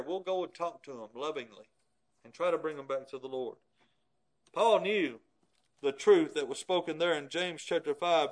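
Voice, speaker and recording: A man's voice: fairly high pitch, fairly bright tone. A man preaching a sermon, reading scripture with emphatic, pleading intensity.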